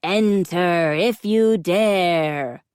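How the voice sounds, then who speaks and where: A woman's voice: lowish voice, extremely slow, darkish tone, clear, resonant tone, dry recording, studio quality. A woman voicing a teenage boy in costume who announces grandly and theatrically.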